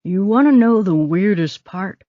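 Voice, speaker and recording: A man's voice: high-pitched, lively intonation, a little slow, no echo, phone-quality sound. A woman voicing a teasing, wry older man who is a hospital patient.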